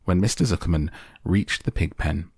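A man reading a children's book aloud in calm audiobook narration for sleep, slow, soft and even. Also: sits low, creaky, slightly rough, dry recording, clean studio sound. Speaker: podcast reader.

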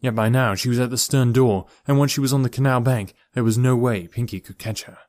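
A man reads a story aloud in a steady, measured voice at a middle pitch. The recording is close and dry, with no room sound around it. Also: no echo. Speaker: audiobook narrator. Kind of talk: scripted narration.

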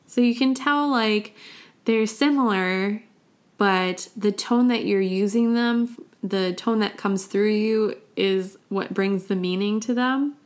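A woman's voice: medium pitch, takes it slowly. A young woman hosting a casual solo podcast, playfully acting out little sounds and laughing often. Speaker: podcast host.

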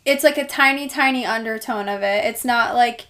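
A woman's voice: fairly high pitch, normal speed, crowd noise. A woman with a New Jersey accent co-hosting a podcast in casual chat, bubbly and agreeable. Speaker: podcast co-host.

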